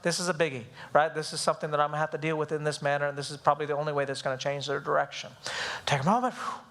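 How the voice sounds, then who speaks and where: Brief: male parenting teacher, quick and high-pitched, animated storyteller who acts out voices. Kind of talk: live church class talk.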